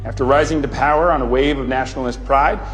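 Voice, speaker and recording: A man's voice: mid-range voice, steady tone, fast, fairly bright tone, close to an everyday voice. An actor playing a briefing man in a movie. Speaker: character in a film clip. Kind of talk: scripted film dialogue. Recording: film clip with long reverb and faint music.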